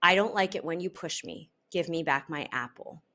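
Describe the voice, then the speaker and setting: A woman's voice: medium pitch, very animated. A woman as a soothing butterfly teacher. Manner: soothing, slow and firm. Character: gentle calm female butterfly teacher.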